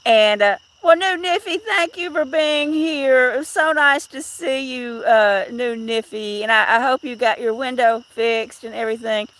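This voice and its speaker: Chatty woman with a bright, gravelly voice. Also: sits high. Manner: chatty, rambling, greets viewers by name. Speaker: livestream host. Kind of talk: casual live stream chat outdoors.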